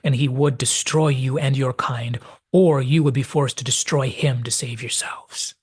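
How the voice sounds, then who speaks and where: A man voicing a grave, calm alien elder who speaks in formal, measured pronouncements. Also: mid-range voice, breathy edge. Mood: solemn.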